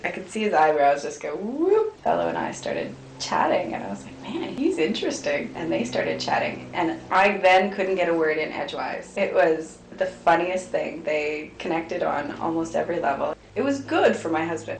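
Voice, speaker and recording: A woman telling a lively anecdote as an interviewee, animated and expressive. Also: deep voice, gravelly, a little hiss or hum. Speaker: interviewee, couch-surfing host. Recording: echoey room.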